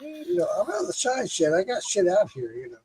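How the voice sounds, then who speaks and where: A man's voice: sits high, huge pitch swings, a little fast, a little mellow, husky, rough recording. A man hosting a casual livestream chat, laid-back and joking, cursing freely. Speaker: livestream host.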